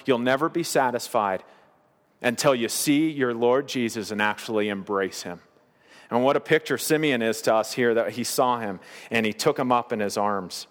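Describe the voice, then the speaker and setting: A man preaching a sermon as pastor, earnest, slowing down on the key phrases. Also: mid-range voice, in a large hall.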